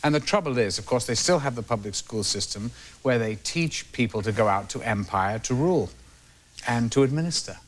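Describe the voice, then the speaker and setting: A man, a talk show guest telling lively anecdotes and trailing off between phrases. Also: medium pitch, a little fast. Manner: animated, trails off, acts out the people he quotes. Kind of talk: anecdotal storytelling.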